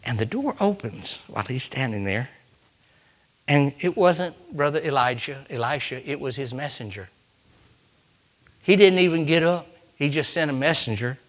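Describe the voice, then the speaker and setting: A man preaching a sermon, swinging from loud, urgent preaching down to hushed, near-whispered asides as he reads and retells scripture. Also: mid-range voice, lively intonation, moderate pace, pauses often.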